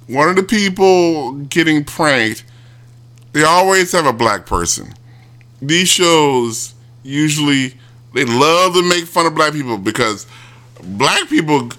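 A man casually retelling a show, rambling with many restarts and mimicking people in high yelps. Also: sing-song, unhurried, pushed and bright. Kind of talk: casual commentary.

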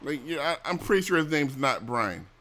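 A man's voice: medium pitch, big pitch swings, fairly quick, pushed and bright. A middle-aged man hosting a casual chat show, complaining bluntly and profanely, with frequent restarts. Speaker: show host.

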